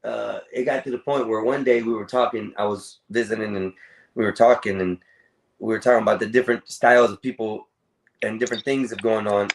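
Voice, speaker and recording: Over streaming call audio with a bit of hiss or hum, a man with a fairly low voice casually tells a long, rambling personal story. He fills gaps with a throwaway "da, da, da" and calls the listener "bro."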